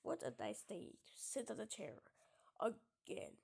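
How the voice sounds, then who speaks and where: A woman's voice: medium pitch, animated, brisk, vocal fry, a little mellow, husky. A young woman giving casual gameplay commentary, giggling and often dropping into half-whispered asides. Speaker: gamer.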